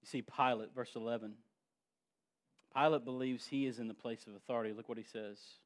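A male pastor preaching a sermon, dropping quiet and then rising loud and emphatic. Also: medium pitch, steady tone, a little fast.

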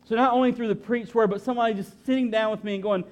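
A middle-aged man preaching a sermon, sharing a personal testimony in an earnest way, often halting and repeating himself. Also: high voice, darkish tone. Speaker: pastor.

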